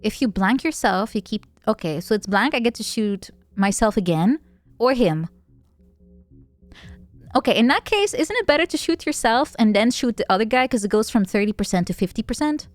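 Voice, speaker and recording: A woman streamer chatting casually while playing a game, playful and giggly, thinking out loud. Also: fairly high pitch, expressive, normal speed, faint music behind. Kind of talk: casual gaming chat.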